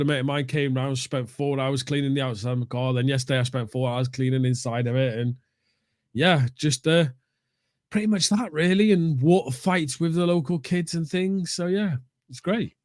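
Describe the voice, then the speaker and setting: A man co-hosts a casual football chat and rambles easily through his answers. His voice sits slightly high. It is recorded close and dry, with no room sound. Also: moderate pace, dry recording. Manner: easygoing, rambling with fillers. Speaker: co-host.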